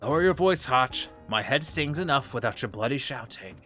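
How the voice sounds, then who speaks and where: A man's voice: medium pitch, expressive, moderate pace, bright, forceful tone, faint music behind. A man voicing a brash, swearing male fighter with a made-up accent in a game read-along. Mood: angry. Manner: blustering, swearing.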